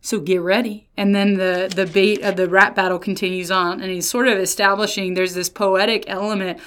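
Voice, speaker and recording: A woman giving a casual Bible lesson, retelling stories in lively slang with playful voices. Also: mid-range voice, fairly quick, clean tone. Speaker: Bible teacher.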